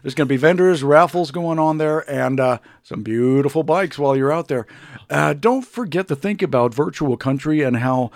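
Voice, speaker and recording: A man's voice: fairly high pitch, moderate pace, dry recording. A man co-hosting a casual podcast from his own small studio, talking in a laid-back, rambling way with lots of fillers. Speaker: podcast co-host. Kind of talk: casual chat.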